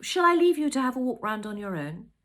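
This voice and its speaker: A woman's voice: high-pitched, very animated, fairly quick, fairly bright tone, voice pushed up. A woman reading aloud, voicing an eager young male estate agent with a polished sales patter. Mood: salesy.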